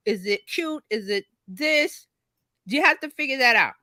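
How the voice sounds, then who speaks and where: A chatty woman coach talks shop in a bright, forceful voice. Her pitch sits a bit high and her delivery is animated. The sound is dry and close. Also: measured pace, no room sound. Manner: animated, chatty, laughs often. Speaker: marketing coach. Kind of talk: casual podcast chat.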